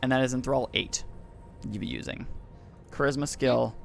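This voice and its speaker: A man narrating as game master of an online tabletop game, relaxed, with frequent fillers and throat clearing. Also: mid-range voice, moderate pace, soft background music.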